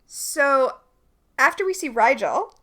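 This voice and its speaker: This podcast co-host speaks slowly as she eagerly recaps a TV episode in lively, animated fashion on a casual show. Her tone is bright and forceful, set a little high, and her pitch moves widely between lines.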